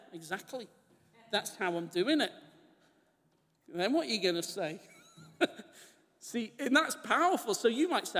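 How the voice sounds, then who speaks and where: A man preaching with lively energy, his voice sitting high for a man. He keeps slipping into quoted voices and laughs along the way. A long hall reverb trails every line. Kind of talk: Bible teaching.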